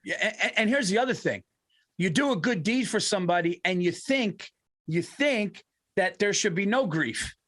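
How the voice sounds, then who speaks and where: A man co-hosting a comedy podcast, telling stories in an animated, profane way and laughing often. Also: high voice, moderate pace, dry recording, clean studio sound. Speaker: podcast co-host. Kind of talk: casual comedic chat.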